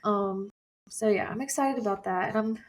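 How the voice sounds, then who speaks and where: A woman's voice: mid-range voice, moderate pace. A woman speaking as a guest in a casual interview, chatty and easygoing, with frequent fillers. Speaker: guest content creator.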